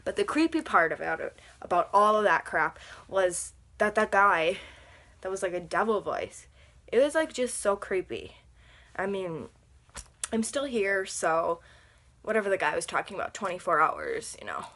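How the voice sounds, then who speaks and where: A woman's voice: mid-range voice, big pitch swings, moderate pace, fairly bright tone. A woman telling a rambling storytime to camera in a casual vlog, full of fillers, sitting at home under a lamp. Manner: rambling, chatty, lots of fillers. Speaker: vlogger.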